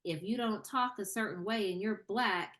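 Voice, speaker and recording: Casting: young woman guest, casual and animated, lots of "you know". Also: mid-range voice, moderate pace. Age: young adult. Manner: animated, many fillers and repeated starts. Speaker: screenwriter and actor, interview guest. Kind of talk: casual interview conversation.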